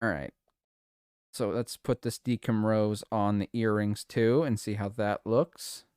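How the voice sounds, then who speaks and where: A man's voice: fairly low pitch, fairly even intonation, a little slow, darkish tone, smooth, no room sound, studio quality. A man streaming live, chatting casually with his viewers, giggling a lot and swearing playfully.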